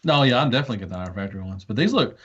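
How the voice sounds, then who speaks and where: A man's voice: on the low side, expressive, very fast, a bit bright, slightly rough. A man co-hosting a casual podcast chat, enthusiastic and rambling with restarts. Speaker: podcast co-host. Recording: dull lo-fi audio.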